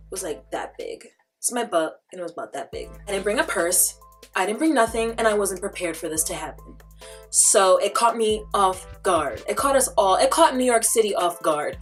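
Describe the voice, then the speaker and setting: A woman vlogger telling a story casually, animated and dramatic, with lots of "like" fillers. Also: medium pitch. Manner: chatty, filler-heavy.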